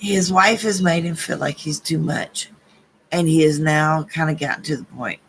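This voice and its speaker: A woman's voice: deep voice, normal speed, a bit bright, a little hiss or hum, poor audio. Southern woman doing psychic readings. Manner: gushing, calls listeners honey and baby; blunt and earnest, repeats herself. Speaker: psychic card reader. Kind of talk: live-stream reading to chat.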